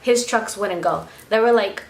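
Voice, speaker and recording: A woman's voice: medium pitch, moderate pace. A young woman vlogger casually recounting a story, swearing freely and acting out quotes, recorded on a camera mic at home. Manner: swears freely, animated retelling with acted quotes. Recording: echoey room, faint background noise.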